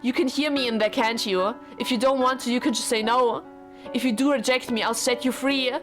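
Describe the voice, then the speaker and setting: A woman's voice: fairly high pitch, steady tone, fairly quick, pitched above the performer's own voice, lightly acted. A woman reading the lines of a lovesick, formal young husband from a visual novel, earnest and pleading, with game music behind her. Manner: formal, pleading dialogue read aloud.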